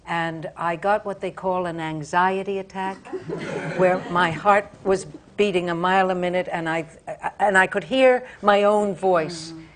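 An older woman on a panel, telling a candid and earnest story about stage nerves, with long pauses. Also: on the low side, slight background noise. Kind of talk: casual anecdote telling.

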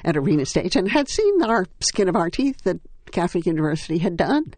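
An older woman, a stage actress, reminiscing in an interview with a wry, unhurried storytelling manner. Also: fairly low pitch, sing-song, a little mellow, dry recording.

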